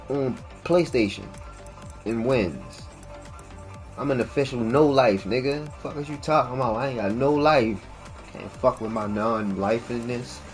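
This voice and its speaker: A man chatting casually and profanely while streaming a fighting game, rambling and joking around. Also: mid-range voice. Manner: laid-back, rambling, profane, slips into goofy freestyle rhymes. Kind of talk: casual gaming stream chat. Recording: game music playing loudly underneath. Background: game music.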